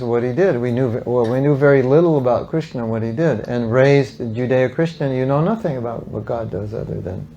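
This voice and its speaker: An older man telling animated, humorous stories to a devotional gathering, acting out the people he quotes. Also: medium pitch, a little hiss or hum. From United States. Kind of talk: storytelling talk to an audience.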